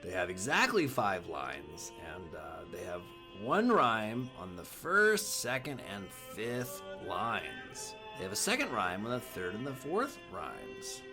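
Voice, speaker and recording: A man co-hosting a casual kids' news chat with his child, halting and playful, with many fillers. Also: fairly low pitch, wildly swooping pitch, music in the background. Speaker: co-host and father.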